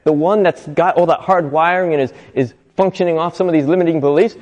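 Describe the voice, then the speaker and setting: A man's voice: a little high, fast talker, a little mellow, lo-fi sound. A man hosting a reflective motivational talk, telling stories in an earnest way and briefly acting out the people he quotes. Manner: earnest, acts out quoted voices, laughs often. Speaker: host giving a motivational talk. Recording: long reverb.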